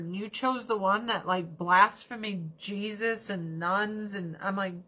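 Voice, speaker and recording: Woman, livestream host, casual chat, animated, swears, bright forceful tone, slow drawn-out delivery. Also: medium pitch. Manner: animated, breaks into mocking put-on voices; swears casually, talks fast then drags words out.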